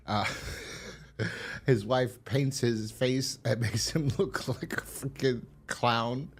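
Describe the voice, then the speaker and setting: A man's voice: fairly even intonation, extremely slow, husky. A man hosting a podcast, chatting casually and profanely through an episode review, breaking into quoted lines. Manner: rambling, profane, acts out quotes in a higher voice. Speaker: podcast host.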